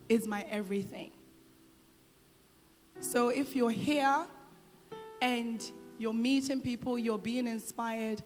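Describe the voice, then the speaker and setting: A middle-aged woman giving a motivational speech to a crowd, encouraging and repeating phrases for emphasis. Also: a little high. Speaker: guest speaker. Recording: long hall reverb.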